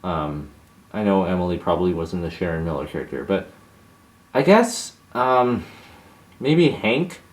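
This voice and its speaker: Young man, lowish voice, casual Q&A, hesitant, restarts sentences. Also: expressive, a little slow, pauses often. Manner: hesitant, many restarts and fillers. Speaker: channel host answering viewer questions. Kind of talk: casual Q&A monologue.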